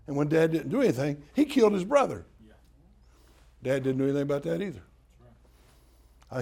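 Gravelly older man preaching a folksy sermon. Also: a little high, darkish tone. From Southern US. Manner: folksy, joking, acts out groveling prayers. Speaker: pastor.

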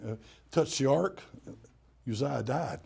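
A man's voice: medium pitch, expressive, slow pace, vocal fry, darkish tone, slightly rough. An older man from Tennessee with a Southern accent, preaching a sermon in a folksy, humorous storytelling way.

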